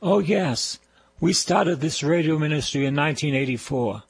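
A man's voice: a little high, expressive, moderate pace, creaky, a little hiss or hum, low-quality recording. An older man with a Boston accent preaching a fervent radio sermon, repeating phrases of praise. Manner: fervent, repetitive preaching with call-and-response praise.

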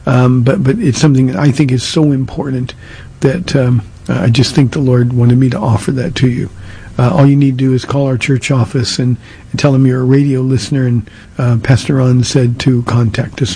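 An older American man preaches on his radio program, his voice dark and a little raspy. He talks earnestly, doubling back on his words and filling pauses as he answers a listener's question. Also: mid-range voice, little pitch movement. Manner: earnest, halting, many restarts and fillers. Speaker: pastor, radio host.

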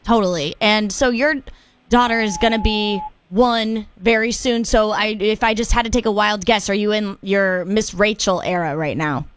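A woman's voice: mid-range voice, fairly even intonation, moderate pace, clean tone. A woman co-hosting a radio show, asking friendly questions of a guest. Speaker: radio co-host. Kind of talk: casual radio interview.

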